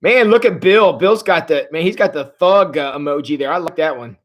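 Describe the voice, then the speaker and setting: Speaking briskly in a slightly high voice, a man runs a casual Bible study livestream as a pastor. He narrates the story with animated chatter and reacts to what viewers write.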